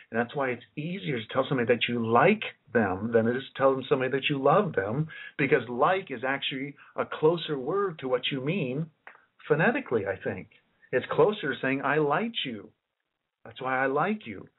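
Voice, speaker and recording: A man's voice: medium pitch, animated, brisk, slightly rough. A man giving a rambling lecture as a researcher, musing aloud and often repeating and restarting his phrases. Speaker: independent researcher giving a presentation. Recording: tinny lo-fi recording.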